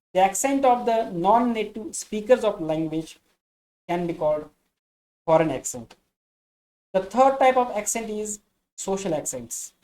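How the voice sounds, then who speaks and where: A woman with an Indian English accent who teaches an English lesson slowly and deliberately, restating each point in new words. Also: medium pitch, mellow, low-quality recording. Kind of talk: explanatory lesson.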